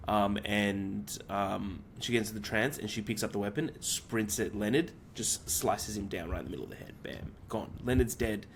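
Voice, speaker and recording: Low-voiced man rambling through a plot. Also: moderate pace, gravelly, hardly any pauses, slight background noise. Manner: rambling plot retelling with many fillers; swears casually. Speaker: podcast co-host. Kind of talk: casual film discussion.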